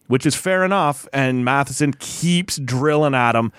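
A man's voice: a little high, a little slow, smooth, no echo, clean studio sound. A man co-hosting a casual sports podcast, ranting in a heated, profane way. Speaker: podcast co-host.

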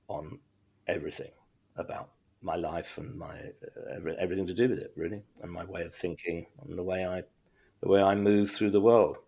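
A man's voice: low-pitched, darkish tone, slightly rough. A middle-aged man, a podcast guest, tells a personal story in a rambling way, restarting his sentences often and adding wry humour. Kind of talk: casual conversational storytelling.

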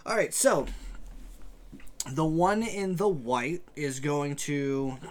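A man's voice: a little high, animated, slow pace. A man running a tabletop game as game master, laid-back, casual and swearing often, with frequent hesitant ums.

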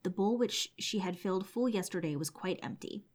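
A woman narrating a classic fairy tale at an even, storybook pace. Her voice sits in a middle register, measured and expressive as she moves through the tale. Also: medium pitch.

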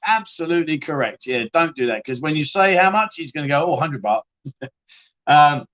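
A man's voice: on the high side, fairly bright tone. A man hosting a casual live-stream chat show, reading out viewer comments and answering them bluntly, swearing freely and restarting his sentences often.

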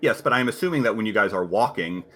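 A man narrating as game master in a relaxed, filler-heavy manner. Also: lowish voice, fast talker.

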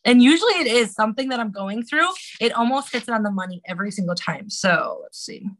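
A woman's voice: on the high side, expressive, a bit bright, slight background noise, low-quality recording. Heartfelt woman guest. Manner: earnest, heartfelt, quick to laugh. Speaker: interview guest. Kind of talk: casual talk and reading aloud.

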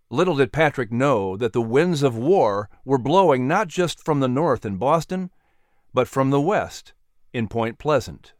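A man's voice: mid-range voice, lively intonation, dry recording, studio quality. Man narrating a historical story. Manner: measured storytelling.

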